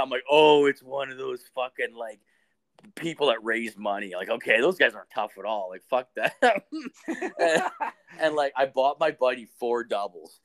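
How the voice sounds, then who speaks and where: A man's voice: medium pitch, moderate pace. A man telling a crude story in casual chat, rambling and swearing, full of "like" and "dude". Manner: profane, rambling, lots of "like" and "dude". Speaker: podcast co-host.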